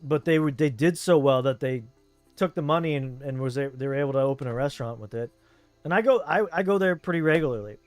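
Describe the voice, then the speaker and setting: A man's voice: medium pitch, fast, dry recording, faint music behind. A man from Southern California with a Southern Californian accent, streaming a game and chatting casually in a rambling, laid-back way. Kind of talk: casual chat while gaming.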